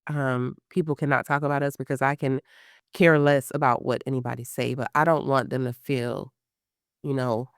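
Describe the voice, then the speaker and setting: Woman in her thirties, smooth clear voice, lively storyteller who acts out quotes, dry close mic. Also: extremely low pitch, moderate pace, no room sound. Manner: animated storytelling, acts out quotes, many fillers. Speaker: guest, pre-surgery patient. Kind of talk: emotional personal interview.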